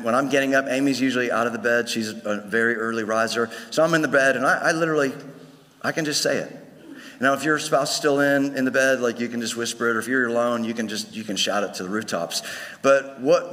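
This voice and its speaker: With a bright, forceful mid-range voice, a male pastor speaks conversationally to his congregation during a sermon. He often starts his phrases over, and the church sanctuary adds a long hall reverb.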